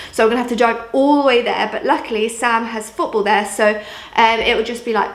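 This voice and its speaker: A young woman from Jersey chats casually to the camera in a home vlog, her speech full of "like" and "um." Her voice is a little high and a bit bright. The indoor recording has a roomy echo.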